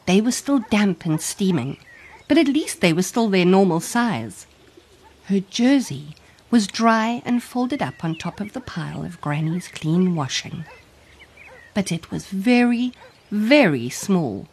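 A woman narrating a children's storybook in an expressive, animated read-aloud. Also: mid-range voice, unhurried, husky.

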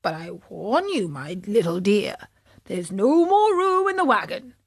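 A sly little fat coachman from a storybook, all bows and smiles, coaxing in a low, soft, falsely sweet voice, as a woman reads him aloud. His words come slowly, and the recording is close and dry. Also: very animated, husky, dry recording, heavily acted. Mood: wheedling.

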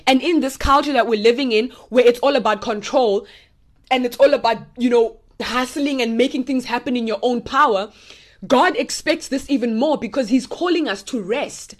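Young woman, casual Bible teaching, slightly high voice, direct, animated, preachy. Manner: animated, preachy and direct, speaking to viewers as y'all.

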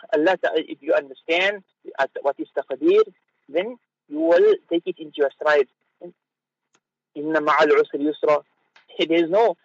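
A fairly high-voiced man delivers an unscripted religious talk, pausing often and repeating words as he gathers his thoughts. He sounds close to the mic in a dry studio, and the broadcast is a little dull and lo-fi. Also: no room sound. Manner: halting, with fillers and repeated words. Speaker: mufti giving a religious talk.

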